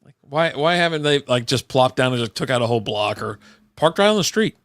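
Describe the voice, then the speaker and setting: A man's voice: medium pitch, big pitch swings, a little fast, fairly bright tone, no room sound, studio quality. A man in his thirties hosting a casual podcast, telling rambling, profane stories. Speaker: podcast host. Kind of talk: casual chat over beers.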